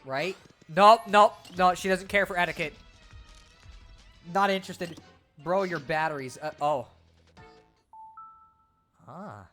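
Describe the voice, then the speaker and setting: A woman's voice: lowish voice, fairly bright tone, soft background music. A young adult woman streaming a video game, talking casually and swearing freely. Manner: profane, quick, chatty. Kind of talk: casual gameplay commentary.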